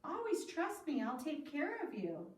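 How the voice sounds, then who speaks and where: A woman voicing a calm, kind grown man in a children's story, speaking gently and comfortingly. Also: sits high, measured pace, voice pushed up, heavily acted. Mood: reassuring. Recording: echoey room, far from mic.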